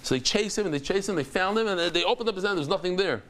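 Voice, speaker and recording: A man's voice: high voice, expressive, racing, fairly bright tone. A man over fifty teaching a Talmud lesson, telling stories and acting out the dialogue with exclamations.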